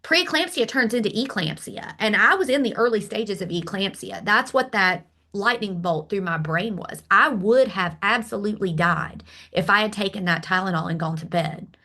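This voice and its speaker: A middle-aged woman guest candidly telling a personal story, emphatic and animated. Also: mid-range voice, normal speed, few pauses. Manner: animated, emphatic, acts out quoted dialogue. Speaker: podcast guest.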